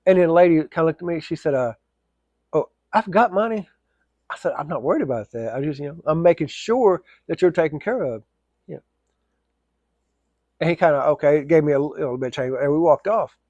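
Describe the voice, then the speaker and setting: A man's voice: on the high side, fast, dark tone, no echo, dull audio. A man telling a casual, rambling story, full of fillers and restarts.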